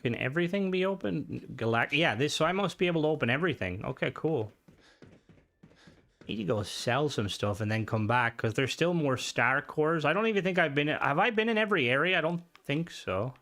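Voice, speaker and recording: A man's voice: a little high, animated, a little fast, a bit bright. A man streaming a video game live, chatting casually with viewers, swearing freely and reacting aloud to what happens on screen. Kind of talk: casual live gameplay commentary.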